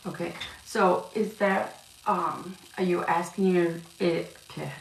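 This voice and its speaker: A woman reading cards on a live stream, chatting warmly with viewers and calling them love. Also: on the low side, steady tone, slow, gravelly, far from the mic. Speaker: card reader. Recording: echoey room, off-mic, noisy.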